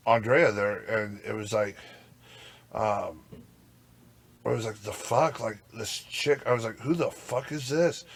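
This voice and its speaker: A man's voice: lowish voice, a bit bright. A young man co-hosting a podcast, telling a rambling, profane road story full of fillers. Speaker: podcast co-host.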